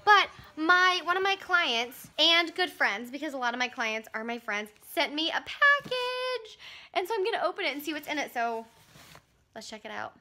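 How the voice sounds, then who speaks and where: Young woman fitness vlogger, high and excitable, gushing, casual to camera. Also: moderate pace. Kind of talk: casual vlog.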